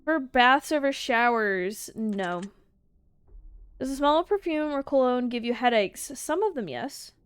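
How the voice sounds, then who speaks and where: A woman's voice: fairly high pitch, animated, measured pace, clean tone, dry recording. A woman streamer in casual livestream chat, answering viewer questions, laughing often and swearing freely.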